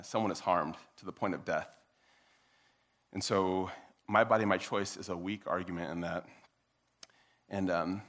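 A man speaks to a roomful of listeners in a bright, forward voice, arguing his case with lively energy. He often mimics opposing views in exaggerated high-pitched voices. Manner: animated, mocks opponents in exaggerated high voices. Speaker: speaker addressing an audience. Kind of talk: persuasive live talk. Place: room with a live audience.

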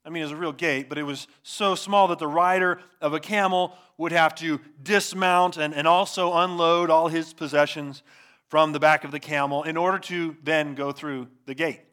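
A man's voice: a little high, fairly even intonation, moderate pace, fairly bright tone, clean tone. A man preaching a sermon to a congregation, earnest and emphatic, stressing his points and asking the listeners rhetorical questions. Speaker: pastor.

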